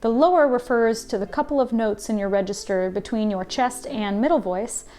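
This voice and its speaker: Woman, voice teacher, fairly high pitch, clear instructive delivery, faint music behind. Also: dark tone, echoey room. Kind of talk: scripted vocal lesson.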